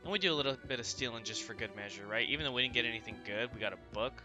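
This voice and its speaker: A man's voice: medium pitch, rapid-fire. A young man hosting a gaming channel, chatting casually about his gameplay and often asking viewers "right?". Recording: voice-over with game music behind.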